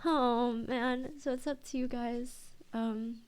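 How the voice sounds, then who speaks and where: Excitable streamer woman, fairly high voice. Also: smooth. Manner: excitable, exclaiming, quick laughs, sprinkles Japanese phrases. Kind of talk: casual reaction stream chat.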